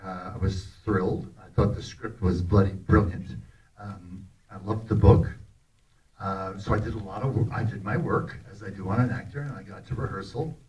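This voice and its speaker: An older actor telling anecdotes to a festival audience in an animated, laughing way, often acting out the lines he quotes. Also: on the low side, normal speed. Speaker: actor telling stories about a film. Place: festival talk in a hall. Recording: voice picked up from a distance.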